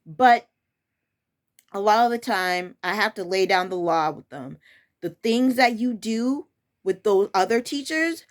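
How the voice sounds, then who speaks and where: A young woman talks a little slowly in an animated, mid-range voice about her job teaching preschool, telling casual personal stories. She's frank and firm, often restarting or correcting herself mid-sentence before pressing on in plain, direct words.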